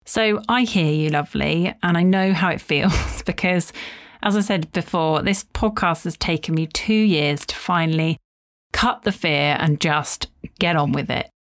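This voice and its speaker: Woman, solo podcast host, slightly low voice, chatty and rambling, quick acted-out asides.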